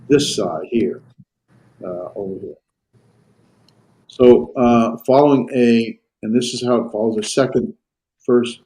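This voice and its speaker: A man teaching a Greek grammar class in a classroom, his voice at an everyday middle pitch. He talks in a halting way, trailing into fillers and restarting sentences. Now and then he stops to check that his students are following. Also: darkish tone, rough recording. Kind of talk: classroom lecture.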